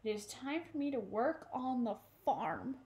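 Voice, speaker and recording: A woman's voice: a little high, very animated, a little slow, darkish tone. A woman doing a sad little farm puppy. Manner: sad, earnest. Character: sad young puppy who lives on a farm.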